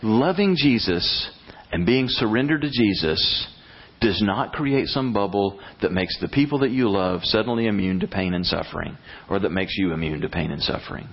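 A man preaching a sermon as pastor, animated and blunt, acting out prayers in a rising voice. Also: lowish voice, normal speed, husky, dull audio.

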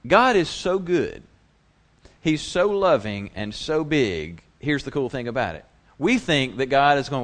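A man's voice: mid-range voice, animated, a little slow. Conversational man preaching a sermon. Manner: conversational, acts out quoted voices. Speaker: pastor.

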